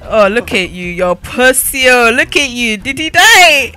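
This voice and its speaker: A woman's voice: fairly high pitch, very animated, measured pace, pushed and bright, faint music behind. A young woman giving sassy, laughing commentary while playing a life-sim game. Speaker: gaming YouTuber. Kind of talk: let's-play commentary.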